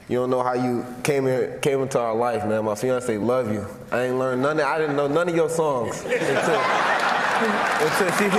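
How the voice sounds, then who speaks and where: Man in his 20s, from Florida, award acceptance speech, heartfelt and repetitive, mid-pitched, roomy hall sound. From Florida, USA. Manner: heartfelt and halting, repeating phrases, holding back emotion. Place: large hall, on a stage. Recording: echoey hall with long reverb and faint noise.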